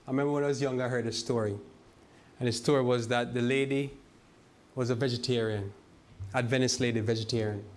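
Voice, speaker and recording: A male pastor giving a sermon, reading scripture slowly and asking the congregation rhetorical questions, often repeating and restarting words. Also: medium pitch, slight background noise. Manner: preaches with rhetorical questions and slow scripture quoting.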